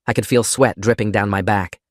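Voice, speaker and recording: Male storytime narrator, low pitch, even delivery, dead-dry booth sound. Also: brisk, no echo. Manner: steady, plain reading. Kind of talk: first-person storytime narration.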